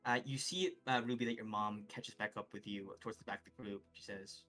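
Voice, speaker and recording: A man's voice: fairly low pitch, fairly even intonation, a little fast, pushed and bright, faint music behind. A man narrating as game master of a tabletop game, with many fillers and restarts. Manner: hesitant, filler-heavy narration.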